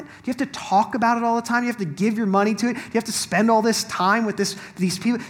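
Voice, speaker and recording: A man voicing an exasperated friend who pleads with someone to calm down, firing off incredulous questions. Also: sits high, voice pushed up.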